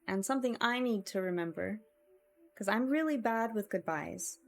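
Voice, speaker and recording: A woman's voice: medium pitch, lively intonation, normal speed, creaky. A woman streamer chatting with her viewers in a casual, emotional and reflective way, often sighing.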